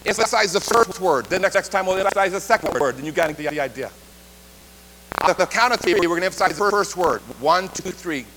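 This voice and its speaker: A man preaching a sermon, leading the congregation in call-and-response and shifting between loud and quiet delivery. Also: sits high, animated, brisk. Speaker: pastor. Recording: reverberant hall, faint hum.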